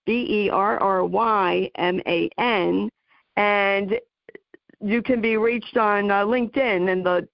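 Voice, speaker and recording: A woman with a New Jersey accent hosting a talk radio interview, halting and full of ums and you knows. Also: mid-range voice, gravelly, no echo, lo-fi sound. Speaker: host.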